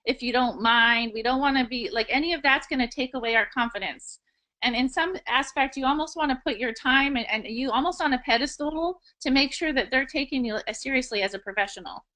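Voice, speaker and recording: A woman sales agent who speaks with confident, crisp control, running a phone script and discussing it. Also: high voice, a little fast, pushed and bright. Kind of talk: demonstrating a sales call, then discussing.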